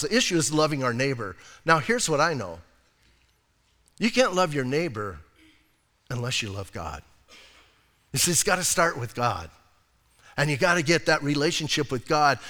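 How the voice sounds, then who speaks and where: Animated pastor preaching in an echoing hall. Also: male voice, on the high side. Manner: conversational, animated preaching with acted-out quotes. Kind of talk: sermon.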